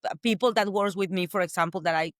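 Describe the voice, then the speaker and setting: A woman's voice: lowish voice, fast talker, dry recording, clean studio sound. A middle-aged woman with a Spanish accent, a guest in an interview, telling stories with frequent restarts. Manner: animated storytelling with frequent restarts and laughs. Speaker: guest, entrepreneur. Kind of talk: casual interview conversation.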